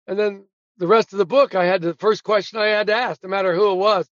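A man with a high voice spins lively anecdotes as an interview guest, acting out the people in them and laughing along. The sound is dry and a bit dull, like a remote call. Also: fast talker, dry recording. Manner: animated storyteller who acts out quotes and laughs at his own punchlines. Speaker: guest, sportswriter and author. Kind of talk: casual storytelling interview.

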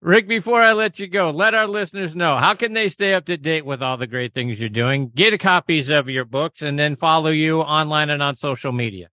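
A male podcast host with a bright, forceful voice asks questions and laughs easily at his guest's stories. His voice sits somewhat high and the sound is dry. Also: fairly quick, hardly any pauses, dry recording. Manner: friendly questioner, laughs often. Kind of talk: podcast interview.

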